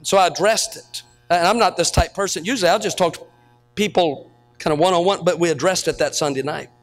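A middle-aged man preaching as a pastor, telling stories to his congregation and rising to shouted peaks. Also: high voice, fairly quick, soft background music. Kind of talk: sermon.

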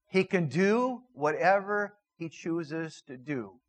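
Middle-aged male pastor, a touch high-pitched; earnest sermon, loud emphatic peaks, hushed story passages. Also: lively intonation, slow, few pauses, rough recording.

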